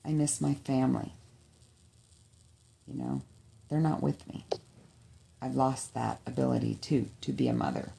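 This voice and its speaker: Woman vlogging to her viewers, emotional almost teary, super gravelly fry, kinda pleading and repeating herself. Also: rumbling low, measured pace, long pauses, noisy background. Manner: heartfelt, pleading, repetitive exhortations. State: emotional, on the verge of tears. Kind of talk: emotional personal vlog to viewers.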